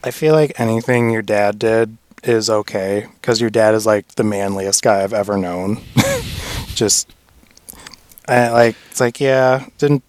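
A man's voice: on the low side, steady tone, a little slow, no echo. Joking man in a podcast chat. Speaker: podcast co-host. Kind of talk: casual chat.

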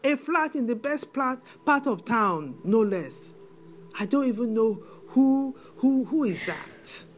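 A woman's voice: fairly high pitch, expressive, takes it slowly, faint music behind. A middle-aged woman with a Nigerian accent playing a bitter, wounded widow in a film drama, given to indignant "eh?"s. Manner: indignant, tearful, repeats "eh?". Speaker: widowed mother.

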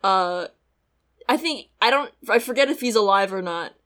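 A young woman co-hosting a casual podcast chat, talking quickly with frequent laughs and a sarcastic edge. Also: mid-range voice, animated, fairly bright tone. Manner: chatty, laughs often, sarcastic. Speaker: podcast co-host. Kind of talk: casual chat reviewing an anime.

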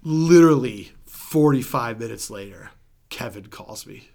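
A man telling a story in casual chat, acting out quotes, swearing freely and trailing off into quiet mumbles. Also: fairly high pitch, animated, normal speed. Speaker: former band member, guest.

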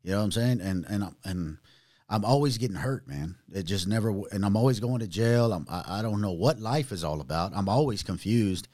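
A man sharing his own testimony in casual chat, animated, using street slang and acting out other people's voices. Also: on the low side, brisk, no room sound, studio quality.

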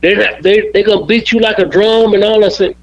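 Man putting on a blustering older promoter, high-pitched, rushed, dismissive, dull lo-fi sound. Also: gravelly. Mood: upset. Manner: agitated, fast, dismissive.

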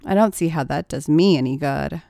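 A woman's voice: deep voice, moderate pace, creaky, mellow, dry recording, clean studio sound. A woman doing a flustered, submissive young man. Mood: sulking. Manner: timid, pleading.

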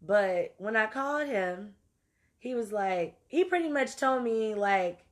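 A woman telling a story in an animated, profane way, moving between loud outbursts and low asides. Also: takes it slowly. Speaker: podcast host. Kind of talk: storytelling monologue.

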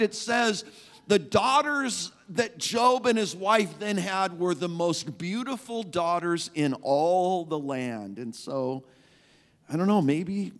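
A male pastor preaching a sermon in a conversational, emphatic way, repeating key phrases. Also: high-pitched. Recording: long reverb of a large hall.

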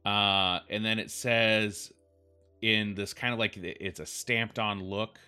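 A man's voice: on the low side, fairly even intonation, takes it slowly, bright, forceful tone, clear, resonant tone, soft background music. A man hosting a podcast, rambling through wry, self-deprecating comedic commentary.

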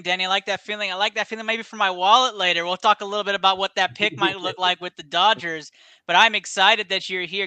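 A man hosting a casual sports podcast from a studio, excitable and laughing, with plenty of fillers. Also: high-pitched, clean tone, no echo. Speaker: podcast host.

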